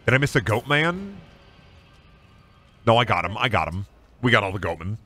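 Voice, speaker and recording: A man's voice: fairly low pitch, big pitch swings, moderate pace, bright, forceful tone, faint music behind. A young man from Iowa streaming a game, rambling crudely and mocking himself, swearing often. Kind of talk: casual gaming stream commentary.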